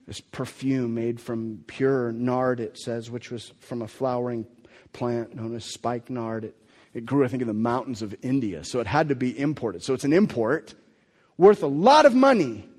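A man's voice: mid-range voice, normal speed, a little mellow, big-room sound. A man preaching a sermon in a conversational way, asking rhetorical questions and restarting his sentences. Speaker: pastor.

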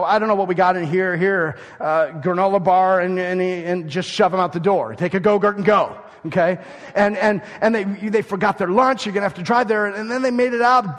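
A man preaching a sermon in an animated way, acting out everyday scenes and swinging between loud outbursts and hushed asides. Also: high-pitched. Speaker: pastor. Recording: long reverb of a large hall.

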